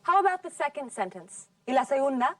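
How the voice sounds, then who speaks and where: A woman teaching a scripted class, patient, stretching out model words slowly for the students to repeat. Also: high voice, big pitch swings, fairly bright tone, dry recording, distant mic. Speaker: English teacher.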